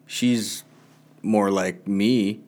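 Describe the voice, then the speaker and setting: Low-voiced dad telling stories. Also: male voice, steady tone, extremely slow. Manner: storytelling, acts out his own shouts in a high voice. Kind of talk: casual chat.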